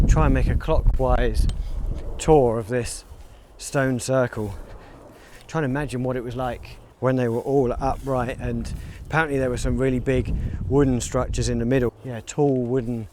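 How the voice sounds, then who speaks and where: A man's voice: medium pitch, darkish tone, slight background noise. A man, chatting casually in a walking vlog in an outdoor field and talking playfully to the cows around him. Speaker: vlogger. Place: outdoor field beside a stone circle. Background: faint outdoor ambience with cows.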